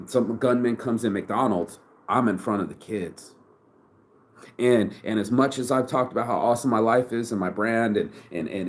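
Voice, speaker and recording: A vlogger in his forties who owns a shirt brand delivers a raw, emotional monologue full of swearing, stumbles, and repeated words. His voice is lowish, and there's slight background noise in the recording.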